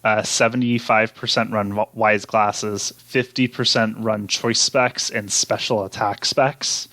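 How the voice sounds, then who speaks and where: A man's voice: lowish voice, level tone, unhurried, bright, forceful tone, no echo. A man hosting a casual chat, going through poll results in an easygoing way with fillers and small laughs. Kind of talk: casual chat about game data.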